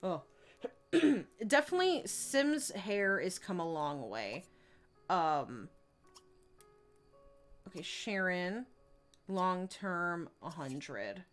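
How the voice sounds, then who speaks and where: A woman's voice: fairly low pitch, sing-song, extremely slow, long pauses, soft background music. A young woman streaming a life-sim game, chatting casually and reading viewer messages with lots of fillers and giggles. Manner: chatty, reads chat aloud, many fillers and giggles. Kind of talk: casual gameplay commentary.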